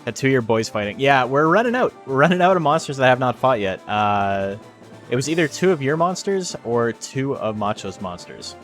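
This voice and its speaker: A man's voice: medium pitch, sing-song, a little fast, fairly bright tone. A man hosting a live stream of a game tournament. He rambles casually, jokes and swears freely between calls of the action. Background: faint background music.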